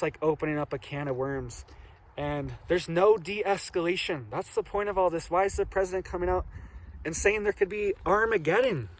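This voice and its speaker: A man hosts a casual news commentary, talking to his viewers with animated, rhetorical questions. His voice sits a little high. Faint noise hums behind him. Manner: animated, rhetorical, keeps asking "right?".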